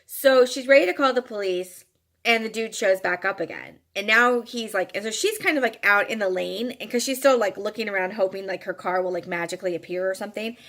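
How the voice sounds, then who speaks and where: A woman's voice: medium pitch, a little fast, a bit bright. A woman telling a personal story in a frank, emphatic way, with some casual swearing. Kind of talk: candid storytelling monologue.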